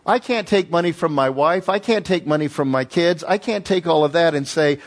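Male pastor preaching, highish voice, animated, repeats stuff for emphasis. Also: brisk, hardly any pauses. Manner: animated storytelling with emphatic repetition. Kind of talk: sermon.

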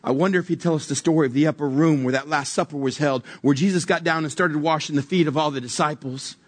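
A man's voice: a little high, quick pace. A man preaching a sermon as a retold story, wondering aloud and joking casually with the listeners. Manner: wondering, conversational with jokes.

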